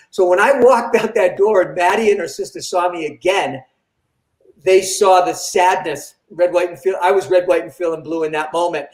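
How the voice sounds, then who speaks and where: Older male comedian, high voice, animated storyteller acting out quotes, roomy echo. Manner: animated, acts out quoted dialogue. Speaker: comedian guest. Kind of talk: storytelling in an interview.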